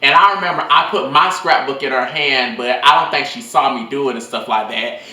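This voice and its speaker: A man's voice: mid-range voice, fairly quick, echoey room, distant mic. A young man telling school stories in a casual vlog, rambling and swearing freely into his phone. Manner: rambling, profane, animated storytelling.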